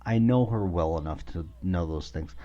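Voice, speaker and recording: A man's voice: deep voice, moderate pace, dull audio. A man hosting a podcast, ranting in a blunt, profane, exasperated way in a casual monologue. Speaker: podcast host.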